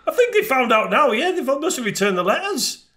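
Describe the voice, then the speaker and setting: A man's voice: extremely high pitch, big pitch swings, fairly quick, bright, forceful tone. A man co-hosting a podcast, telling stories in casual chat, laughing often and restarting his sentences. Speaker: podcast co-host.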